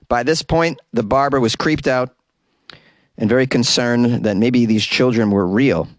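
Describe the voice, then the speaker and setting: A man's voice: medium pitch, measured pace, no room sound. A man hosting a podcast, casually reading odd news stories and stumbling over hard words. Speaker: podcast host.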